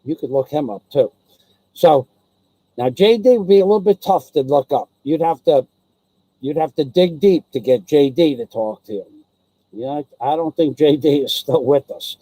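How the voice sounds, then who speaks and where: A man's voice: on the high side, normal speed, warm tone, no room sound, poor audio. A man telling a casual personal anecdote, rambling and digressive with many restarts, blunt and salty in his talk. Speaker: storyteller.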